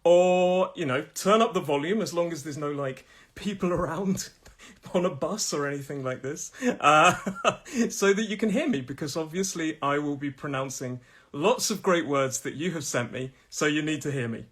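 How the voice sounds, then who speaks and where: Midlands guy from nottingham teaching pronunciation live, bit husky, a touch higher voice, chatty and laughy. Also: normal speed, a bit bright. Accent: Nottingham, English Midlands. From Nottingham, England. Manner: chatty, laughs often, repeats himself. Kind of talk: live-streamed pronunciation lesson. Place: his own room.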